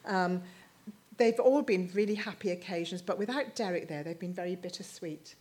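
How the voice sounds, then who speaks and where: A woman, sharing a personal story in a sermon, halting and emotional, with many restarts. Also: on the low side, darkish tone. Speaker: speaker at church.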